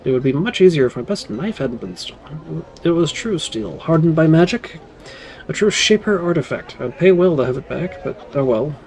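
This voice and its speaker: A man's voice: fairly high pitch, animated, normal speed, vocal fry, a little mellow, rough recording. Man reading as a chatty busy cook woman. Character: busy bustling female servile cook.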